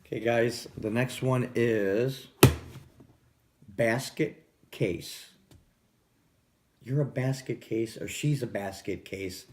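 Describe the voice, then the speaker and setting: A man's voice: mid-range voice, slow, long pauses, darkish tone. A middle-aged man vlogging in a casual, rambling way, stumbling over restarts and repeated words.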